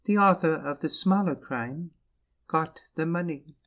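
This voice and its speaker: A man voicing a shrewd, unhurried priest in an audiobook drama, his voice sitting fairly high and speaking very slowly. He lays out his reasoning in a measured, explanatory manner, and the recording sounds muffled and lo-fi. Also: a bit bright. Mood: calm. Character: Father Brown, a calm, shrewd middle-aged priest.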